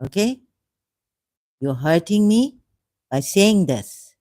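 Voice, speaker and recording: A woman hosting a live stream, slowly and indignantly scolding commenters in the chat. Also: mid-range voice, animated, mellow. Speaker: channel host answering live chat.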